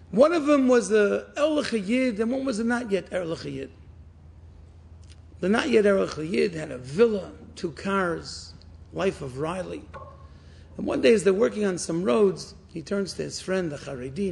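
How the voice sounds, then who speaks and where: A man giving a sermon, a rabbi telling stories with dramatic swings between loud and hushed. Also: sits high, gravelly. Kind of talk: inspirational sermon with storytelling.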